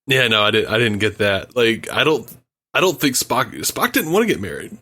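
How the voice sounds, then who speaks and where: A man co-hosting a podcast in casual chat, blunt and animated, laughing often. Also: medium pitch, normal speed. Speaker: podcast co-host.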